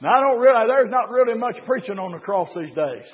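A man preaching a fiery sermon, shouting in a chanting cadence, with a gravelly voice, recorded in a church. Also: extremely high pitch, animated, fairly quick. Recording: tinny phone-like recording in a reverberant hall.

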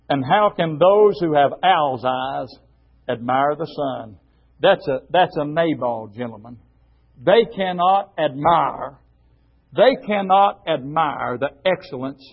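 A man's voice: fairly high pitch, breathy edge. A man preaching a fervent, emphatic sermon to a group of men. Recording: dull lo-fi recording.

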